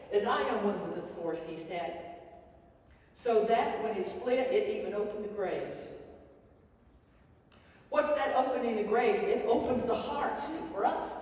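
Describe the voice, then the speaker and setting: A woman's voice: on the high side, darkish tone. A woman pastor giving a sermon in an earnest, rambling storytelling way, with restarts. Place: church sanctuary. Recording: echoey church hall mic from far off.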